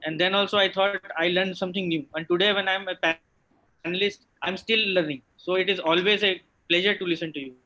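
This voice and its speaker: High-voiced panelist praising a talk. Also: male voice, steady tone, fast, pushed and bright, low-quality recording. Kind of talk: thanking the speaker.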